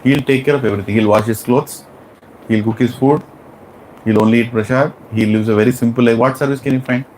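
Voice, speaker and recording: A man's voice: medium pitch, fast, a little hiss or hum, poor audio. A man with an Indian English accent teaching a spiritual class, telling stories animatedly and asking his students questions. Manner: animated, acts out characters, asks the class questions. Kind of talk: class lecture with storytelling.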